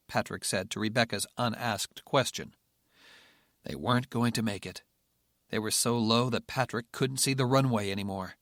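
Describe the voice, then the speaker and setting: Steady male audiobook narrator. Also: medium pitch, no echo, clean studio sound. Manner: steady, measured storytelling. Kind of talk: scripted narration.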